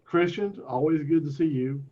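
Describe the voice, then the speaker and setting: A man with a Texas accent moderating a casual online meeting, easygoing and quick to laugh. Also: fairly high pitch, warm tone, a little hiss or hum. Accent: Texan. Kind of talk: casual video call chat. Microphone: video call. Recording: muffled lo-fi video call audio.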